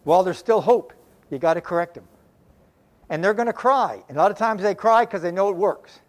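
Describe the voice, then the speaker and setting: A man's voice: high voice, fairly quick. An older man preaching a sermon in a folksy, conversational way, mixing scripture with homespun stories. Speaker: pastor.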